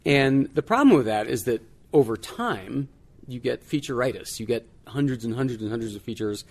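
A man's voice: mid-range voice, lively intonation, normal speed, a little mellow. A man answering interview questions in a casual, amused way, chuckling and restarting sentences. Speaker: guest, tech journalist.

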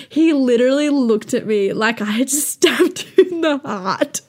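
A woman's voice: a little high, expressive, unhurried, a little mellow. A young woman hosting a show, telling rambling, self-mocking stories to listeners in a casual, profane way and laughing often.

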